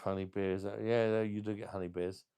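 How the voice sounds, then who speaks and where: A man's voice: fairly low pitch, flat delivery, fairly quick, mellow, smooth. A man reviewing beers on a live stream, chatting crudely to viewers in a rambling, hesitant way.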